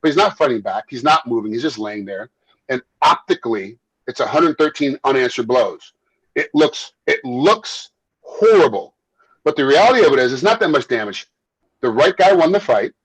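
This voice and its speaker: A man with a husky voice talks through life as a fight referee and former fighter in a casual interview. He is animated, doubles back on his words and breaks into laughter. The sound is dry and close to the mic. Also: mid-range voice, normal speed, no echo, poor audio. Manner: animated, repeats and restarts words, laughs while telling stories.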